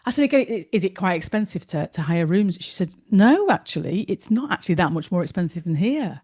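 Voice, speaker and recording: A woman's voice: on the low side, lively intonation, a little fast, darkish tone, husky. A woman teaching an online business course, telling chatty stories and acting out the dialogue. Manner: chatty storyteller, acts out dialogue.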